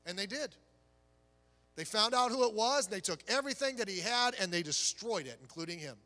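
High bright-voiced male preacher. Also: animated, fairly quick, big-room sound. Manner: conversational, emphatic preaching with rhetorical questions. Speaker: pastor. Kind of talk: sermon.

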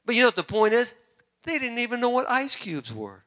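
A man from the United States preaching a sermon, telling animated stories with frequent restarts. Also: extremely high pitch, fairly quick. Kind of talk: sermon with storytelling.

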